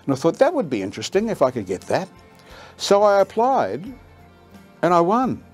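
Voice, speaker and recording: An older Australian man, a veteran radio announcer and voiceover artist, recalls his career with lively storytelling and acts out quoted lines. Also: high-pitched, moderate pace, soft background music. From Queensland, Australia.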